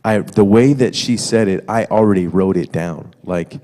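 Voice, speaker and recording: A man's voice: deep voice, moderate pace, dark tone. A man sharing a testimony in a church, talking easily and conversationally to the congregation. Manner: easygoing, conversational, fillers and asides to the congregation. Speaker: guest speaker sharing testimony with wife. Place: church sanctuary. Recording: reverberant church sanctuary.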